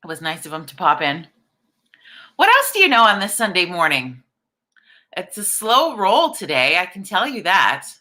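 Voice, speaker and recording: A woman in her forties hosts a live online coffee chat, croaky from the morning. Her voice sits low, yet it is bright and forceful, and she chats along in an upbeat way. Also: sing-song, normal speed. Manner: chatty, upbeat, reads viewer comments aloud. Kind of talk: casual live-stream chat.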